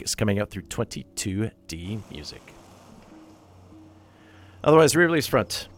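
A man's voice: on the low side, very animated, measured pace, pauses often. A man hosting a radio show, reading out a list of soundtrack releases in a casual, wry way and correcting himself as he goes. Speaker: radio host.

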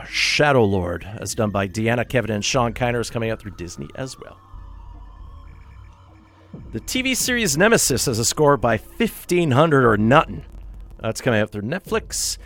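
A male radio host reads through a list of weekly releases at a mid pitch. His delivery is casual and wry. He drops dry asides and corrects himself along the way. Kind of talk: casual radio show announcements.

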